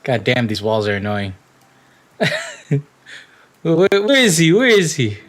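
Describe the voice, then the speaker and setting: Slow-talking young man at a game table. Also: medium pitch, huge pitch swings. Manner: laid-back, laughs often, talks in character. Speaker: player. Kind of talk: casual tabletop play.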